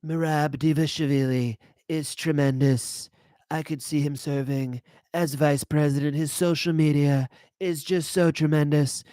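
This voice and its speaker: A man's voice: a little high, fairly even intonation, measured pace, warm tone, clear, resonant tone, no echo, studio quality, natural voice. A man doing a comic impression of a boastful, blustering male politician with repetitive phrasing.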